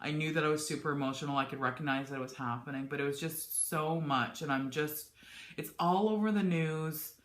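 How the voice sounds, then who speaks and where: A woman's voice: sits low, brisk, echoey room. A woman chatting candidly to camera from her home office, rambling with frequent restarts. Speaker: vlogger. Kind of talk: casual chat to camera.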